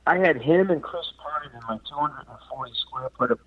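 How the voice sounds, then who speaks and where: Homem contador de histórias animado, som abafado. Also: male voice, fairly high pitch, a little fast, husky, no room sound. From New York and Florida. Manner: animated storyteller who acts out quoted lines loudly, swears freely. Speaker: guest, comedian and actor. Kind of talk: casual podcast storytelling. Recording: dull, dry sound.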